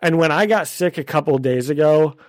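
A man's voice: fairly high pitch, brisk, no echo, studio quality. Giggly man getting over a cold. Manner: giggly, chatty, laughs often. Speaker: podcast co-host. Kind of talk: casual chat.

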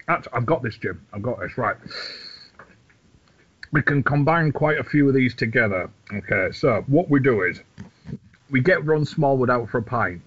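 A man's voice: mid-range voice, slightly rough. A man co-hosting a podcast, chatting casually in a rambling, sweary, self-mocking way. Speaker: podcast co-host. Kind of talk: casual chat. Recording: dull lo-fi audio.

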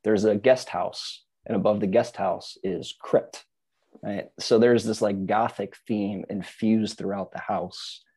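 Casual podcast co-host, a man with a dark, husky voice who rambles through stories with dry close sound. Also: on the low side, fairly even intonation, a little slow, dry recording. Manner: rambling storyteller, many "like"s and restarts. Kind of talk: casual chat.

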